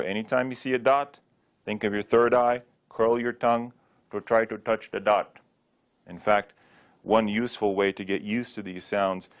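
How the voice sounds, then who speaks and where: A man giving a Sanskrit pronunciation lesson, drilling words slowly and repeating them, with playful rhetorical questions. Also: on the low side. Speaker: Sanskrit teacher.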